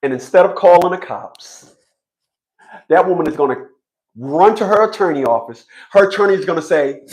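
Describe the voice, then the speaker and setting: A man telling a court story in an animated monologue, mocking, with loud outbursts and low asides, acting out other people's lines. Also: normal speed. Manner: acts out other people's voices in quotes. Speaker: family court advocate.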